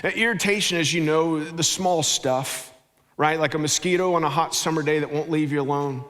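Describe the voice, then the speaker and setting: Middle-aged preacher, funny animated stories, kinda high voice, reverb from the big church hall. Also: male voice, fast talker. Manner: humorous, animated storytelling. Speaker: guest pastor. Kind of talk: sermon with storytelling. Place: large church auditorium.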